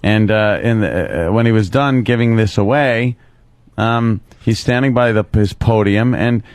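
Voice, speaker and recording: Halting male radio co-host. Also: fairly low pitch, dry recording. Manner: halting, many fillers while retelling. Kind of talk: casual radio banter. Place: radio studio.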